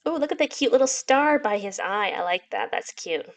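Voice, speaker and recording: A woman's voice: mid-range voice, animated, normal speed, vocal fry, few pauses. A woman hosting a gaming channel, making chatty, giggly asides while she plays through a story game. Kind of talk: casual gameplay commentary.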